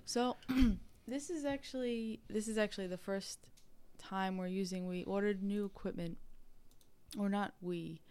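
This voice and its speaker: A woman's voice: fairly low pitch, a little mellow, clean tone. A woman co-hosting a podcast in casual chat, rambling and laughing often at herself. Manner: giggly, rambling, self-deprecating. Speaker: podcast co-host.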